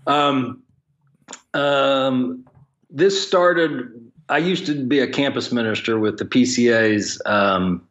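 A man's voice: medium pitch, slow pace, fairly bright tone, dull audio. A man who leads a ministry for pastors, telling stories frankly and with blunt humor as a podcast guest. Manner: frank, joking storyteller with plain blunt wording. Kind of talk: conversational podcast storytelling.

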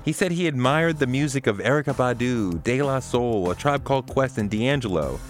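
A man reads his memoir as an audiobook in a wry, conversational way. His pitch is lively and swings widely as he tells the story. Faint music sits underneath the voice. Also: normal speed. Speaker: narrator.

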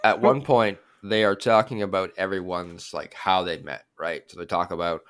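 A man co-hosting a casual movie podcast. His voice sits low but carries a bright, forceful edge. He talks in a wry, offhand way and keeps pulling the chat back to the topic. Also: fairly even intonation, moderate pace. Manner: wry, steers the conversation. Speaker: podcast co-host.

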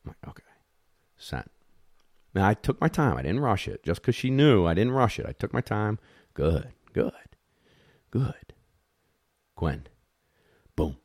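A man who handles retriever dogs, telling a competition story in a casual, animated way, acting out the dogs and judges, blunt and swearing a little. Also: on the low side, moderate pace, pauses often, no room sound, studio quality.

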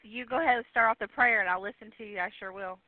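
Curt fast-talking woman dispatcher. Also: medium pitch, fairly even intonation, dry recording. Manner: curt, scolding, impatient. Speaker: 911 dispatcher. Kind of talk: emergency call dispatching. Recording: tinny phone line.

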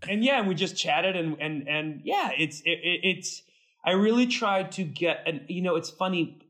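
A man being interviewed about his acting work, telling stories in a lively, chatty way and acting out quoted dialogue. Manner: animated, acts out quoted dialogue with big pitch jumps; frequent fillers and restarts, fast bursts. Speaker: actor, interview guest. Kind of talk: casual interview storytelling.

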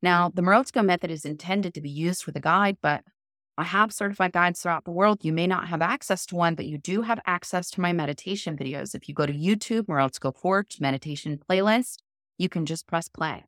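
A woman guest on a podcast interview, explaining a method in a calm, measured, coaching tone. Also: lowish voice, no echo, studio quality. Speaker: guest, cold immersion method founder.

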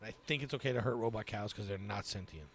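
A man's voice: fairly low pitch, fast, gravelly, fairly bright tone, slightly rough. A man co-hosting a podcast in casual chat, rambling and joking with frequent fillers. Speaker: podcast co-host.

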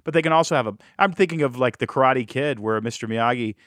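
A man hosting a podcast, chatting in a relaxed, upbeat way and steering the conversation. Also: medium pitch, fast, dry recording, studio quality. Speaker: podcast host. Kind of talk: casual podcast chat.

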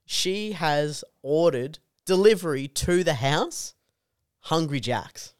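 A man's voice: on the high side, animated, slow, smooth, dry recording, studio quality. Guy with a swearing, jokey way of talking. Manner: swears a lot, calls his co-host dude, jokey. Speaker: podcast co-host. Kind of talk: casual chat.

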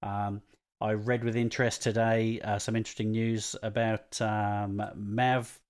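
A man's voice: lowish voice, flat delivery, unhurried. A man co-hosting a podcast, chatting casually and laughing easily. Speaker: podcast co-host. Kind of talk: casual chat.

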